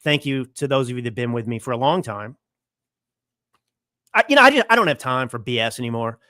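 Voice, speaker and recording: A man's voice: mid-range voice, expressive, fairly quick, pushed and bright, no echo, clean studio sound. A young adult man hosting his own political show, delivering an indignant, combative monologue full of rhetorical questions. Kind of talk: fiery political commentary monologue. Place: California home studio.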